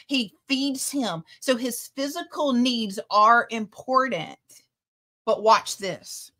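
A woman's voice: mid-range voice, a bit bright. A woman preaching a sermon, reading scripture aloud and speaking with passionate emphasis.

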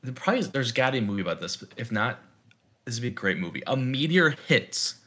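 A man's voice: mid-range voice, big pitch swings, fast, fairly bright tone. A young man co-hosting a casual podcast chat, rambling and thinking aloud with lots of "like". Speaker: podcast co-host.

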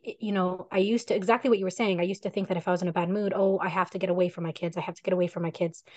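Earnest soft-spoken woman on a video call. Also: mid-range voice, no echo. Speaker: parenting coach and podcast co-host. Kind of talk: casual conversation over a video call.

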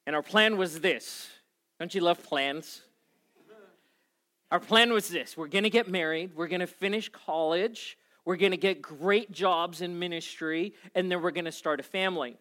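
A man in his forties preaching from the front of a church, his voice sitting a little high for a man. He tells his story in a lively, animated way, acting out his own panic before settling into calm scripture. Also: moderate pace, hardly any pauses. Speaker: pastor. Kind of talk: sermon.

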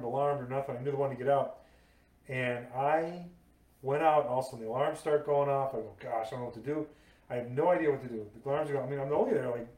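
A man hosting a casual interview, telling stories and acting out the voices of people in them. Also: mid-range voice. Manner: animated, acts out voices in his stories. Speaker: podcast host. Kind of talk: casual storytelling chat. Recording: echoey room, mic at a distance.

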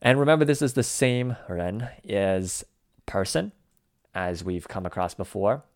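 A man explaining the lines of a dialogue in a measured, methodical way. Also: lowish voice, animated. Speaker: language teacher.

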